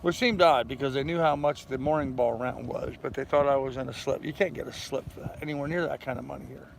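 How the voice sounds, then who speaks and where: A man's voice: medium pitch, quick pace, vocal fry, a little hiss or hum, poor audio. An older man hosting a casual livestream from his sailboat, rambling along in a folksy way and greeting chat viewers by name. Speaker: channel host. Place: aboard a sailboat on a mooring.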